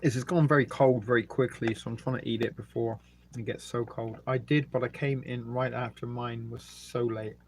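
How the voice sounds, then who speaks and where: A man's voice: medium pitch, fairly even intonation, moderate pace, slight background noise. A middle-aged man with an English accent, casually hosting a live stream, reading out viewer comments and rambling between jokes and filler words while he eats. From England. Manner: rambling and jokey, with many ums, eating and burping between remarks. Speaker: livestream host.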